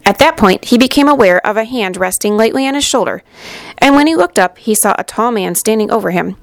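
A woman reading a children's storybook aloud in a gentle, expressive way, with a slightly gravelly voice. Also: on the high side, a little fast, no echo. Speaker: narrator.

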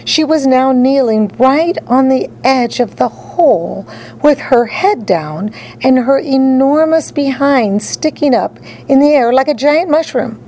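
An expressive woman reads a children's story aloud in a fairly high voice. Her pitch swings in a lively, animated way, and faint background ambience sits under her. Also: measured pace, slight background noise, rough recording. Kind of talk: expressive read-aloud narration.

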